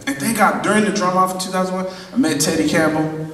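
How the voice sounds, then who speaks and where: A man in his thirties telling his life story to a live audience at a drum clinic, animated and laughing often. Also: high voice, fast, distant mic, a little hiss or hum. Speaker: drummer giving a clinic talk. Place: large hall at a drum event. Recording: echoey hall, voice from afar.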